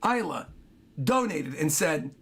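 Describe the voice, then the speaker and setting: A man streaming from home, his voice hoarse and worn out, chatting excitedly and rambling as he reads donations and talks to his dog. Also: a little high, slow pace. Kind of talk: casual livestream chat.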